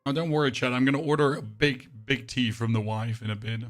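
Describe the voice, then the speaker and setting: A man live-streaming a game, chatting casually with his viewers in a flat, monotone delivery. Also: medium pitch, fairly quick. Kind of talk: casual live-stream chat while gaming.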